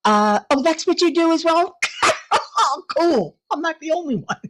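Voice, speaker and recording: A woman's voice: extremely high pitch, expressive, moderate pace, noisy background. A woman hosting a casual livestream, chatting with viewers, laughing often and reading out their comments. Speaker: livestream host.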